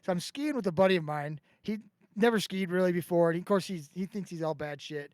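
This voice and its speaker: A high-pitched man tells stories in brash, casual chat, swearing as he goes. The recording is dry and close. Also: a little fast, a little mellow, no room sound. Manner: brash storyteller, swears freely.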